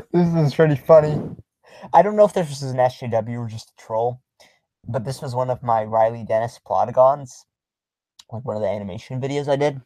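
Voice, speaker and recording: Young man, casual livestream chat, halting with filler ums, mid-pitched voice, dry close sound. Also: dark tone, no echo, low-quality recording. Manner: halting, many filler ums, chuckles while reading. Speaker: livestream host reading viewer comments.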